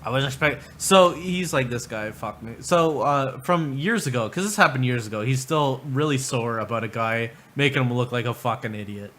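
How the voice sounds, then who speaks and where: A man's voice: medium pitch, moderate pace, few pauses, fairly bright tone, a little hiss or hum. A man ranting on a livestream in a crude, rambling, mocking way, often breaking into laughter. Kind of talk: profane livestream rant.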